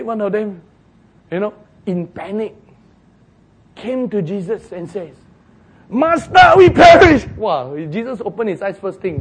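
A male pastor delivers a sermon as a lively story. His voice sits a bit high and sounds husky and breathy. He jumps up in pitch to act out the quoted voices and chuckles at his own jokes.

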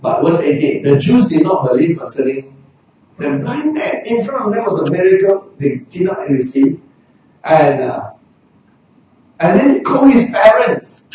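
A man preaching with a high voice that leaps up and down as he drives his points home. He often breaks into shouts. He sounds far from the mic in a very echoey hall with faint noise behind. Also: normal speed. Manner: animated, bursts into shouting for emphasis. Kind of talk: sermon.

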